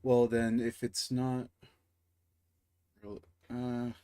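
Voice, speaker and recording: A man running a tabletop game as dungeon master, narrating in a halting way with frequent pauses and restarts. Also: mid-range voice, completely flat delivery, mellow, clear, resonant tone. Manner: halting, slow, many fillers and restarts.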